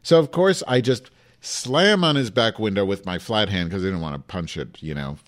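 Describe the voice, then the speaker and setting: Animated man telling a story. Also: lowish voice, normal speed. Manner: animated, breaks into loud shouting when acting out quotes. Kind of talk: casual chat, telling a story.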